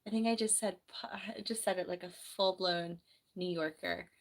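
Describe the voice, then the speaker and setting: A woman's voice: fairly low pitch, fairly even intonation, moderate pace, vocal fry. Chatty young woman from New Jersey. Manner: rambling, chatty, reads viewer comments aloud. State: slightly hoarse from the flu. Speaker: nurse and livestream host. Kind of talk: casual livestream chat. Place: bedroom at home.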